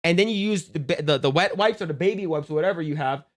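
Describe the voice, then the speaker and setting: A man's voice: on the high side, quick pace. A man live-streaming in casual chat, crude and profane, rambling with restarts in a jokey instructional tone.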